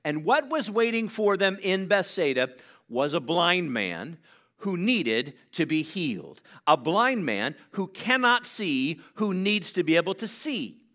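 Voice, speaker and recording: A male pastor preaching a sermon, animated, with drawn-out emphasis and calls for the congregation to read along. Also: high voice.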